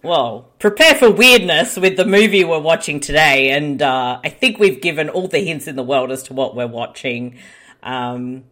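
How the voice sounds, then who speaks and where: A woman's voice: low voice, normal speed, a bit bright. An upbeat, chatty Australian woman hosting a podcast in a casual chat style. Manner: upbeat, chatty, laughs easily. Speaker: podcast host.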